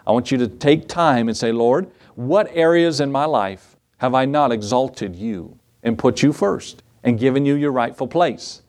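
A man's voice: medium pitch, unhurried, few pauses, a little mellow. A man preaching a sermon as pastor, earnest and direct, rising to emphatic peaks and acting out the prayers of the faithful.

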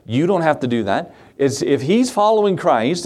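A middle-aged man preaches a sermon in a relaxed, folksy way, and his voice sits a little higher than most men's. He talks to the congregation like he's chatting with friends, with chuckles and asides. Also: normal speed, hardly any pauses. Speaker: pastor.

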